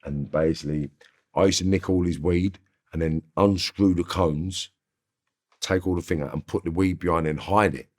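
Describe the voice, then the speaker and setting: Very deep-voiced man telling stories. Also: steady tone, normal speed, a little mellow. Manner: blunt, swears freely, slangy. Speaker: interview guest. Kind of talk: casual storytelling.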